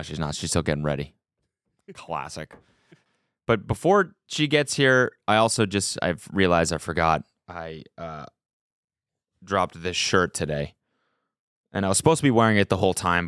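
Deep-voiced, joking male podcast host. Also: normal speed, fairly bright tone, smooth, dry recording, studio quality. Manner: loose, joking, full of fillers and restarts. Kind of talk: casual chat. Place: small podcast set. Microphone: studio podcast mic.

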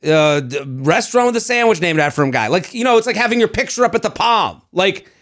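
A man co-hosting a casual advice podcast, joking and animated, often stammering as he restarts. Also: high voice, fast talker. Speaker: podcast co-host. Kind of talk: casual chat.

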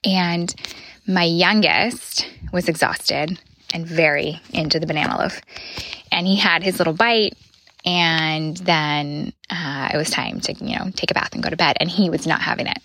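A woman in her thirties hosting a podcast, sharing a personal reflection in an earnest voice that often drops to a soft whisper. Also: lowish voice, no echo. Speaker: podcast host.

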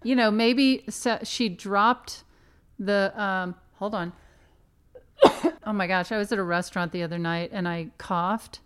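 A woman's voice: medium pitch, unhurried, fairly bright tone, clean tone. A woman co-hosting a true crime podcast, chatting casually and defending her theories playfully. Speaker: podcast co-host. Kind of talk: casual chat.

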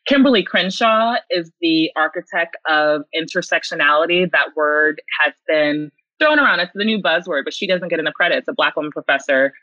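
A woman's voice: sits low, fairly quick, few pauses, dry recording, highs cut off. A woman in her thirties, a podcast guest and consultant, answering interview questions earnestly and with emotion. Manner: earnest, animated, tearful at times. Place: home.

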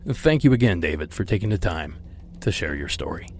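Deep-voiced male podcast host. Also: very animated, a little fast, slight background noise. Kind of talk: reading out listener stories.

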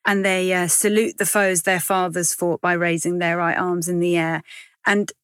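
A candid, chatty woman, telling stories in a relaxed interview with plenty of self-corrections. Her voice sits on the lower side, and the close mic keeps it dry and free of room sound. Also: moderate pace, clean tone, no echo. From Iran. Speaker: comedian guest. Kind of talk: casual podcast interview.

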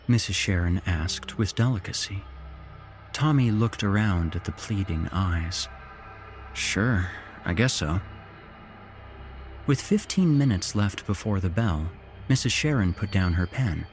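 Man narrating a horror story, low voice, lively pitch, slow pace, faint music. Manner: expressive, unhurried. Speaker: podcast host and story narrator.

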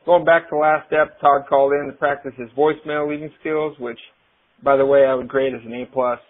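A man's voice: medium pitch, level tone, a little fast. A man leaving a chatty, self-deprecating voicemail for a podcast. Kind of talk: voicemail message. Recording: tinny phone voicemail.

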